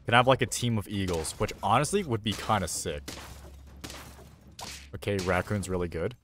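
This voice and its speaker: A young man with a low, deep voice talks through his game live at a desk mic, loose and rambling. He thinks out loud and pokes fun at his own mistakes. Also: normal speed, slight background noise. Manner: rambling, self-deprecating, thinking aloud. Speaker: streamer playing a video game. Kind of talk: casual live gameplay commentary. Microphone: desk microphone.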